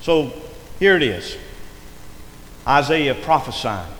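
A man's voice: mid-range voice, big pitch swings, slow pace, fairly bright tone. A man preaching a sermon in a rising and falling preaching cadence, often stressing his words. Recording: echoey hall with long reverb, faint noise.

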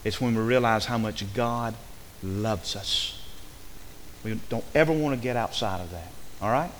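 A male pastor preaching a sermon in a church sanctuary, swinging from fervent, emphatic passages down to soft, quiet ones. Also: fairly low pitch, a little slow. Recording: reverberant hall with faint hiss.

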